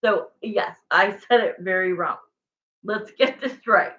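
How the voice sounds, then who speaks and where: A woman chats her way through a casual livestream tarot reading at an unhurried pace. She rambles, corrects herself and talks straight to the viewers. The sound is dull and lo-fi, like a home stream. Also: medium pitch, fairly bright tone. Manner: chatty, rambling, self-correcting, answering viewers. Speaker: tarot reader.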